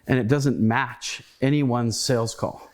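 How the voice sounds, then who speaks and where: A man's voice: mid-range voice, fairly even intonation, a little slow. Reflective male podcast host. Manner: conversational, restarts words, reflective storytelling. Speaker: podcast host, former colleague. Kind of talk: casual podcast conversation.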